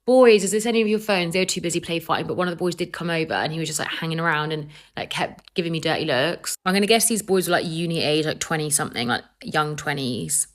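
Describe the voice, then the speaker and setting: A woman's voice: low-pitched, quick pace, hardly any pauses, a bit bright. A young woman with a British accent, telling a personal story in a chatty vlog. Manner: chatty storytelling with acted-out quotes.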